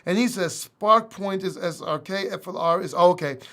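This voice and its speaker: Guy with a bit of a greek accent doing a livestream q&a, kinda high voice, super chatty. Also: normal speed, fairly bright tone. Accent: slight Greek. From England. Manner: chatty, reads viewer questions aloud, often says "man". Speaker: livestream host. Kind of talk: casual livestream Q&A.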